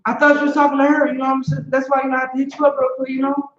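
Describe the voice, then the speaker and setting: A man voicing a girlfriend who pleads and makes excuses after a fight, in a high, rushed voice. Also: monotone, fairly bright tone, roomy sound, muffled recording. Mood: pleading.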